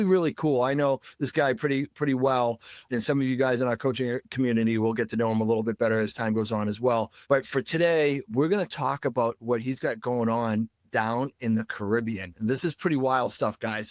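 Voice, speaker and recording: Upbeat Boston-accented podcast host. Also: male voice, mid-range voice, no echo, clean studio sound. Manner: chummy, enthusiastic, self-deprecating. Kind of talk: casual podcast chat.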